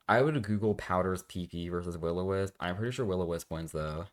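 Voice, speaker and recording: Deep-voiced man snarking through a fanfic. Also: fairly quick, hardly any pauses. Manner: sarcastic, deadpan asides between dramatic readings. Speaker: reaction video host. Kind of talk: comedic fanfic reading with commentary.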